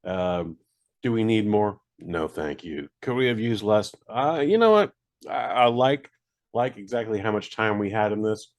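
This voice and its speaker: A man's voice: fairly low pitch, expressive, unhurried. Rambling male podcast co-host. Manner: rambling, self-deprecating, many fillers. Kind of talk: casual movie review chat.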